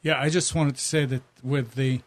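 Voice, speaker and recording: A man's voice: mid-range voice, steady tone, moderate pace. A man on a radio show passing on plain, practical information. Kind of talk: radio talk, announcing tips.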